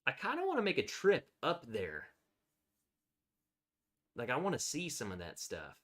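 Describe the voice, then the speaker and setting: A man's voice: medium pitch, wildly swooping pitch, a little slow, fairly bright tone. A man hosting a casual livestream, chatting freely, laughing often and reacting to viewer comments. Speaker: livestream host.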